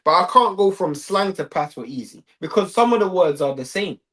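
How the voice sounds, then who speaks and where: A young man, co-hosting a live stream and chatting in relaxed, slang-heavy banter. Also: sits high, brisk. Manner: laid-back slang-heavy talk, switches into patois. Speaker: co-host of a live watch-along stream. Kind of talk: casual banter.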